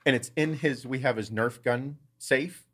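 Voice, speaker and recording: A man co-hosting a podcast, telling a lively family story with lots of swearing and laughter. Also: medium pitch, a little slow. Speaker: podcast co-host. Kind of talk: casual storytelling.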